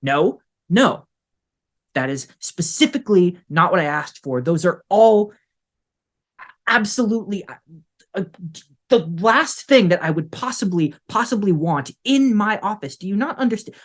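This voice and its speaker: A man putting on a shrill irate ship doctor. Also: animated, a little fast, warm tone. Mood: indignant. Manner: indignant, sputtering, high-pitched complaints. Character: fussy, irate ship doctor in charge of a deck.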